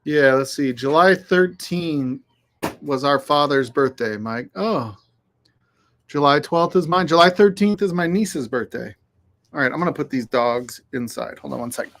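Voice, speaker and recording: A man's voice: a little high, normal speed, fairly bright tone. A man hosting a casual livestream chat outdoors in the wind, laid-back, swearing freely and greeting viewers by name. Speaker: livestream host. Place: outdoors on a windy afternoon.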